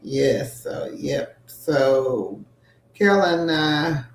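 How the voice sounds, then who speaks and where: A woman's voice: sits low, animated, extremely slow, roomy sound. A woman co-hosting a casual livestream, greeting viewers by name and reading out their comments.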